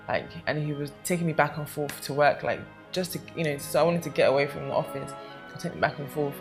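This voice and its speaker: A young woman speaks in a low, unhurried register. She chats casually and affectionately, looping back with fillers as she goes. Faint music plays quietly behind her. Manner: chatty, rambling, affectionate, many fillers. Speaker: vlogger. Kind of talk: casual to-camera chat.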